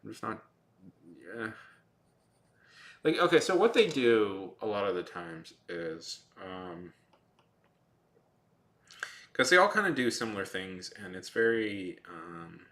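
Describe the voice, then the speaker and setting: A man livestreams as he draws, his fairly low, slightly bright voice slow and sing-song with frequent pauses. His casual chat with viewers is rambling, filler-heavy and dryly sarcastic.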